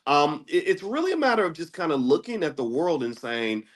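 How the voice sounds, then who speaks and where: A man hosting a daily finance class. He talks in a casual lecture style, often restarts and repeats words, asks rhetorical questions, and jumps to a high pitch when he makes a point. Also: big pitch swings, brisk.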